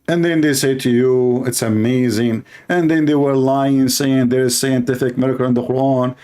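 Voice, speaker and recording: A man's voice: medium pitch, level tone, normal speed, a little mellow, smooth. Sarcastic man. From Middle East. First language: Arabic. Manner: sarcastic, mocking, blunt. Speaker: Christian apologist. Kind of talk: mocking debate commentary.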